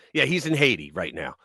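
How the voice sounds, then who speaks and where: Male live-stream host, casual opinion talk, lively swooping pitch, mocking, dry close sound. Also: vocal fry, no echo. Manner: animated, mocking, swings between loud and muttered asides.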